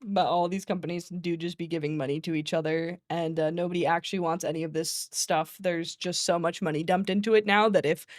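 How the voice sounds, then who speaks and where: A woman's voice: fairly low pitch, fairly even intonation, brisk, few pauses, dry recording, studio quality. A woman streamer in casual chat from her home, giggly and rambling, calling herself nervous.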